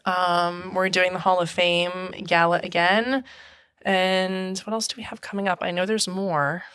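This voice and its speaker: A woman telling stories in a casual podcast chat, slipping into quoted voices and laughing often. Her voice sits a little low for a woman and sounds dry and close, with no room around it. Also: level tone, a little slow, fairly bright tone, clean tone, dry recording. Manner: chatty storyteller who acts out quotes and laughs often. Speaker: guest, event designer.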